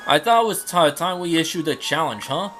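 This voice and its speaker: A brash young samurai retainer, voiced by a man in a fantasy game fan dub. He is loud, blunt and boastful, with a slightly high voice, and faint music plays behind him. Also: lively intonation, fairly quick.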